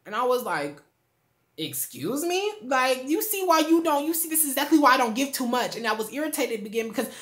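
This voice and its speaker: Sassy fast-talking young woman. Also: sits high. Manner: sassy, blunt and animated, full of slang. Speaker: YouTuber telling a story. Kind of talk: casual storytime vlog.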